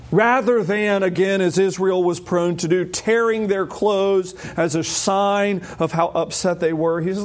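A man preaching an expository sermon, emphatic, with wry asides and high urgent peaks on key points. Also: fairly even intonation, moderate pace, few pauses. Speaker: pastor.

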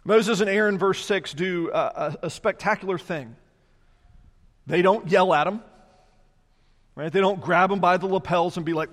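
A man preaching a sermon, animated, now and then putting on mocking voices for complainers. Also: high-pitched, moderate pace. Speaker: pastor. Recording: long hall reverb.

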